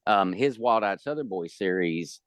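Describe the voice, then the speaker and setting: A man's voice: low-pitched, lively intonation, normal speed, no echo. Easygoing joking male podcast host. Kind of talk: casual chat. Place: home, indoors.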